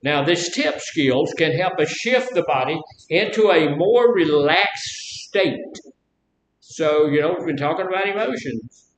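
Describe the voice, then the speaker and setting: A man with a Southern drawl teaches a live class, folksy and fond of quizzing his listeners. His voice sits a touch high. The room is echoey, with a faint rumble underneath. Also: animated, unhurried. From Mississippi. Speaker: class instructor. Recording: roomy echo, faint rumble.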